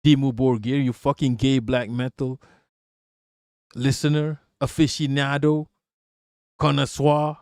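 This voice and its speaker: A man's voice: medium pitch, little pitch movement, measured pace, pauses often, a little mellow, no room sound, studio quality. Profane rambling man with American English accent. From Malaysia. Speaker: streamer. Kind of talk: livestream commentary, reading chat.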